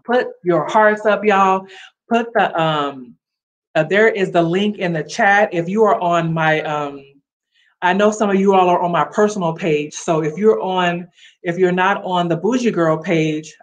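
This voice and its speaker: Encouraging her viewers head-on, a female livestream host gives casual motivational talk with an upbeat, preachy manner. Her voice is fairly low-pitched, and the recording loses its high frequencies.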